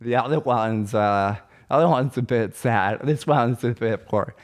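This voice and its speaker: A man's voice: mid-range voice, a little slow. A young man co-hosting a comedy podcast, chatting casually and rambling with many restarts and fillers. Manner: rambling, hesitant, full of restarts.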